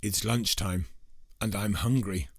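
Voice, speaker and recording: A man voicing a hungry, boastful male troll who guards a bridge in a told folk tale, speaking in a loud, gloating way. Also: fairly low pitch, steady tone, a little slow, husky, no echo, clean studio sound.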